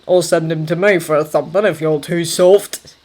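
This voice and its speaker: A woman's voice: deep voice, fairly even intonation, moderate pace, darkish tone, close to an everyday voice. A woman reading a story aloud, voicing a blunt, hard-drinking male master sergeant who swears constantly. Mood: gruff. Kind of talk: audiobook character voice.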